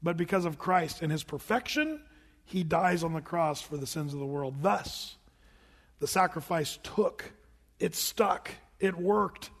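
A man's voice: fairly high pitch, lively intonation, unhurried, fairly bright tone, big-room sound. A middle-aged man, a pastor, preaching a sermon in a conversational way, with rhetorical questions and asides to the congregation.

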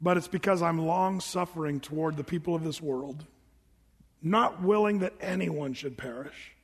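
A man with a high voice preaches to his congregation, animated and conversational, tossing in rhetorical asides. His voice carries a long reverb from the church hall around him. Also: normal speed, breathy edge. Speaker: pastor. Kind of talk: sermon. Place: church sanctuary.

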